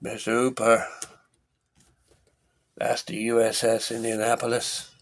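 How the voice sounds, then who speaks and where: A man imitating a gruff, weathered old male shark hunter in a slow, low, growling drawl while he retells a film scene. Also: monotone, lightly acted. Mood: grim.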